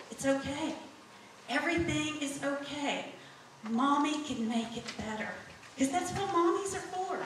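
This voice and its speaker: A middle-aged woman talks slowly and earnestly, giving her testimony to a congregation. Her voice sits a little high and carries from a distance. The sound is very echoey, a sanctuary heard from across the room, with a faint hum behind it. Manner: slow, earnest, speaks straight to the congregation. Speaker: church member giving testimony. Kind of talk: church testimony. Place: church sanctuary.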